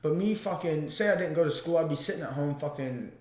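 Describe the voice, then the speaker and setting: A man's voice: fairly high pitch, fast talker, reverberant, slight background noise. A young man from Missouri, a podcast guest and amateur kickboxer, telling stories in casual chat with lots of swearing and restarts. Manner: profane, rambling, animated storytelling.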